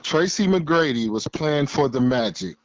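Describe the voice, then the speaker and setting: A male caller to a sports call-in show, ribbing other callers and boasting in loose slang. His voice is a touch high for a man. It comes through a slightly muffled line, dry and close. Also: lively intonation, unhurried, dry recording. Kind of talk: casual phone-in banter.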